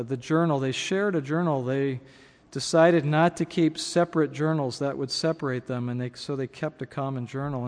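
A man's voice: a little high, darkish tone. Man reading aloud in a reverberant hall. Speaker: speaker reading from a memoir and commenting. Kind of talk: reading aloud with spoken asides.

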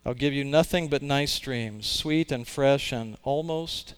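A man voicing a hushed, wheedling lizard creature. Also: mid-range voice, unhurried, clear, resonant tone, lightly acted. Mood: coaxing. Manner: pleading, coaxing, hushed. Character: wheedling male lizard clinging to a ghost.

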